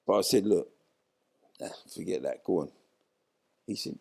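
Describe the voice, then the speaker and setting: An older man, a former footballer appearing as an interview guest, animatedly retells a story and acts out what people said. His voice is low, husky and creaky, at a normal speed with frequent pauses.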